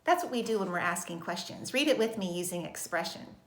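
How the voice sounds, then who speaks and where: Animated kindergarten teacher, echoey room. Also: female voice, fairly low pitch. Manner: slow, bright sing-song teacher voice with exaggerated expression. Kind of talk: recorded video lesson for young children.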